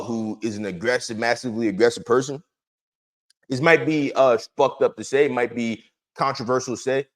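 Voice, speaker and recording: A man hosting, giving casual commentary in a loose, conversational way. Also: mid-range voice. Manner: conversational, lots of "you know" fillers. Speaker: host.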